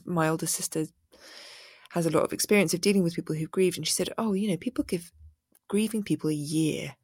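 A woman podcast host asking reflective questions in a thoughtful, measured, gently probing way. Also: sits low, slightly rough, dry recording, studio quality.

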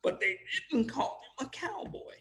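A man's voice: very high voice, very animated, normal speed, sharp tone. An older man telling oral history as an interview guest, emotional and often laughing as he speaks.

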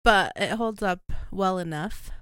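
A woman co-hosting a casual podcast, talking in a hesitant way, with frequent pauses and restarts. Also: mid-range voice, a bit bright, clear, resonant tone, no echo, clean studio sound. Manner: hesitant, with many fillers and restarts. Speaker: podcast co-host. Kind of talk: casual chat.

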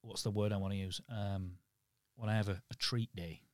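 A man's voice: fairly low pitch, steady tone, normal speed, darkish tone, dry recording, studio quality. A man with a Yorkshire accent, a podcast guest telling stories in casual conversation, blunt and sweary.

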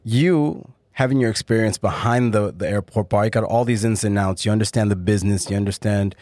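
A man's voice: fairly low pitch, fairly quick, darkish tone, no room sound, studio quality. A man chatting casually on a podcast, firing off teasing questions in heavy slang. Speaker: podcast co-host. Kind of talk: casual chat.

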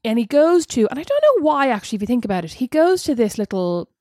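A woman's voice: high-pitched, big pitch swings, fast talker, dark tone, dry recording. Woman on a podcast, bossy jokey chat, dry close mic. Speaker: podcast co-host. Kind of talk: casual chat reviewing a film.

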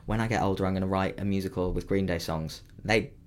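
A young man, a musical theatre performer, chatting casually and telling animated stories. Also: quick pace. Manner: animated storytelling with big pitch leaps. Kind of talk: casual chat.

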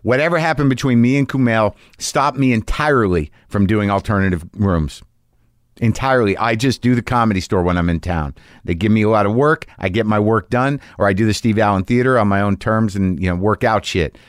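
Casting note: middle-aged male host, low voice, dry close sound, rambling and profane, mocking himself. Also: brisk, no room sound. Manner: profane, rambling, self-deprecating. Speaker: podcast host. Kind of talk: casual monologue.

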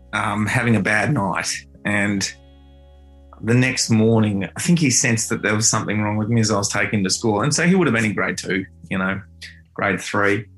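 A man's voice: lowish voice, a bit bright. A middle-aged Australian man telling a heartfelt personal story in an earnest, reflective way. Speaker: father and guitar teacher.

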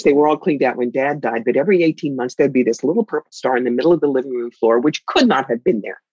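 A woman with a rumbling low voice, recorded with no echo and dull audio, appears as an author and guest in a conversation. She shares personal family stories candidly and reflectively, with lively emphasis.

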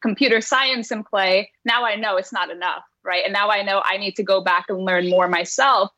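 A woman's voice: medium pitch, fairly even intonation, moderate pace, bright, forceful tone, no room sound, lo-fi sound. A woman math teacher speaking earnestly in a casual conversation, often laughing as she talks and filling her sentences with "like.". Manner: earnest, laughs while talking, many "like"s.

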